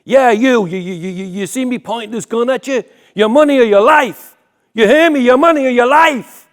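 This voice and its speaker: A man voicing a menacing street robber with a gun, barking loud demands. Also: extremely high pitch, moderate pace, voice pushed up. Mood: threatening.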